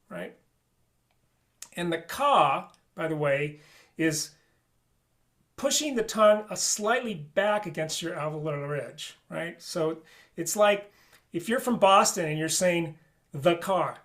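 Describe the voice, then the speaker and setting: A man's voice: high voice, normal speed, a bit bright. A man teaching an online flute lesson, explaining articulation and singing rhythms on syllables.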